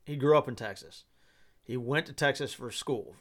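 Animated, laughing podcast host, a man. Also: mid-range voice, normal speed. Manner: animated, laughing often, rambling. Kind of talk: solo podcast commentary.

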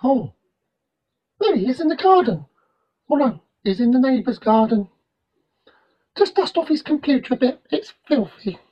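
A woman's voice: high voice, very animated, normal speed, pauses often, breathy edge, dull audio, heavily acted. A woman playing a gossipy cleaning lady. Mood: fussing. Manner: gossipy, fussing, chattering to herself. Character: chatty, doting middle-aged female cleaning lady.

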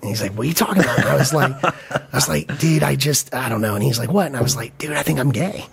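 A middle-aged man, a podcast guest, telling stories in a casual, animated way and acting out the other voices. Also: mid-range voice, quick pace, gravelly, breathy edge. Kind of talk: casual storytelling.

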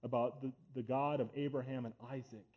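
A man's voice: mid-range voice, steady tone, a little fast, muffled recording. A man preaching a sermon as pastor, talking emphatically and building up his points by repeating himself. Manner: emphatic, repetitive build-ups.

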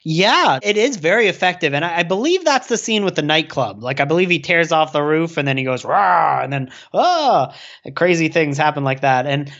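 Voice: medium pitch, a little fast. Brief: enthusiastic co-host, casual film chat, dull lo-fi audio. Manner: enthusiastic, animated, with fillers.

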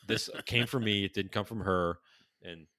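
Male co-host, casual profane storyteller, bright tone, lots of restarts. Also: on the low side, moderate pace. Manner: rambling, profane, many fillers and restarts.

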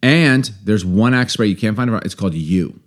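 A middle-aged man with a very low, deep voice chatting on a podcast. He is playful and dramatic and jumps from joke to joke. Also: animated, a little fast. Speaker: podcast co-host. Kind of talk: casual podcast chat.

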